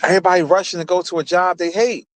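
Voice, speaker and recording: A man's voice: high voice, steady tone, fast talker, dry recording. A young man rambling to his viewers in a car, cursing freely and talking straight to them between stretches of driving. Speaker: streamer. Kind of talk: casual rambling chat while driving.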